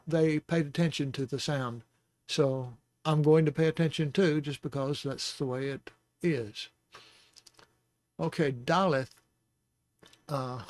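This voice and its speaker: Guy teaching hebrew letters real slow, kinda high voice, jokey and patient. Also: a little mellow, dry recording, studio quality. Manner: slow, patient, joking asides with chuckles. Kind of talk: casual recorded lesson.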